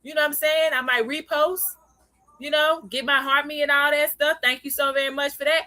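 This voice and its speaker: A woman's voice: high voice, little pitch movement, fairly quick, sharp tone, no echo. A woman hosting a casual livestream, chatting with viewers, greeting them by name and laughing often. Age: adult, parent of a young child. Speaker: livestream host.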